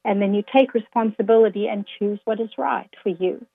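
A woman's voice: medium pitch, steady tone, a little fast, gravelly. An earnest woman guest gives motivational, scripture-quoting answers in a faith-based interview. Her voice comes through a tinny, phone-like line from a remote call. The sound is dry, with no room echo. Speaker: guest speaker.

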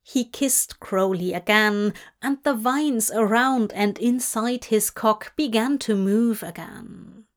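A woman narrating a fan story in a slow, measured reading voice. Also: a little high. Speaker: audiobook reader. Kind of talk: scripted narration.

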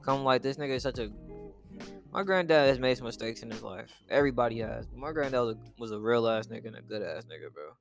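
A young man telling a personal story in a rambling, halting way, full of slang and swearing and often trailing off quietly. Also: medium pitch, expressive, vocal fry, soft background music. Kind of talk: casual storytelling monologue.

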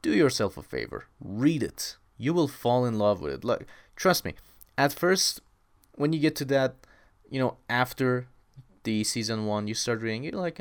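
A man's voice: mid-range voice, big pitch swings, moderate pace, no room sound. A young man hosting a casual solo podcast, talking with enthusiasm and rambling, repeating words for emphasis. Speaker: podcast host.

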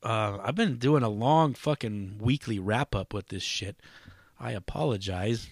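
A man's voice: fairly low pitch, unhurried, no echo, clean studio sound. A man hosting a solo podcast in a casual, rambling, profane way with lots of fillers. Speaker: podcast host.

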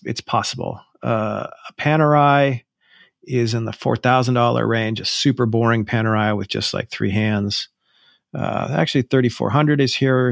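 A man's voice: mid-range voice, vocal fry, no echo, studio quality. A man co-hosting a podcast in casual chat, rambling with frequent restarts. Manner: rambling, restarts often, drawn-out phrases. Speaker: podcast co-host.

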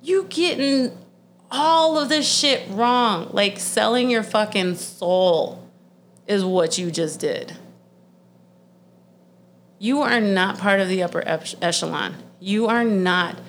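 A woman's voice: medium pitch, slow, slight background noise. A woman in her thirties ranting in a blunt, profane, exasperated way, speeding up in heated bursts. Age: 30s. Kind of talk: ranting monologue.

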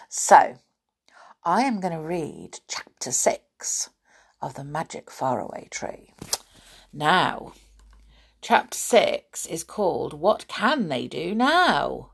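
A woman's voice: low voice, very animated, takes it slowly, creaky, long pauses, slightly rough. A woman reading a children's story aloud, chatting to young listeners in a sing-song way.

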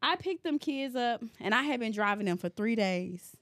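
Slangy, animated woman telling a story. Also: a little high, moderate pace, no echo, studio quality. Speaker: podcast co-host. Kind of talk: casual chat.

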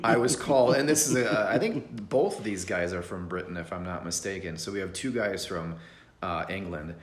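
Low-voiced man chatting in a roomy echo. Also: normal speed. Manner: laid-back, joking, full of fillers. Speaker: podcast co-host. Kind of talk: casual chat.

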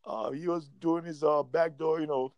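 A man's voice: a little high, steady tone, normal speed, dry recording, lo-fi sound. A man in casual chat who talks in a rambling, profane way and laughs often.

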